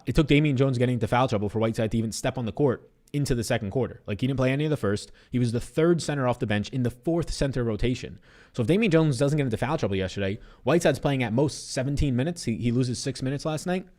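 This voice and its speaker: A young man hosting a sports betting livestream, chatting loosely, reading viewer comments aloud and answering them. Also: medium pitch. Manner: fast, animated, loose and profane.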